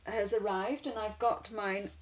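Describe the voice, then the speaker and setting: A woman's voice: medium pitch, fairly even intonation, a little slow. A woman chatting casually while demonstrating card making, thinking aloud as she works. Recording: dull lo-fi sound with faint hiss.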